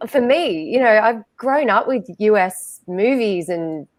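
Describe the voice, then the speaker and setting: A woman's voice: medium pitch, expressive, unhurried, dry recording, clean studio sound. A woman with an Australian accent, an actress answering in an earnest, thoughtful way. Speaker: actress in the film. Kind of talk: casual interview.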